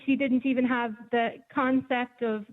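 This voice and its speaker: A woman with a fairly high voice tells stories in a relaxed, chatty way, often pausing on an um. She is heard over a thin, tinny phone line. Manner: chatty storyteller with many ums. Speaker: newspaper reporter. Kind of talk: casual radio chat.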